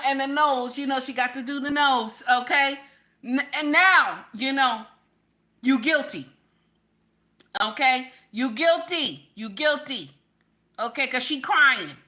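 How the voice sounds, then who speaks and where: A woman's voice: high-pitched, measured pace, bright, forceful tone. A middle-aged woman giving casual, emphatic reaction commentary, repeating her points in a preachy way.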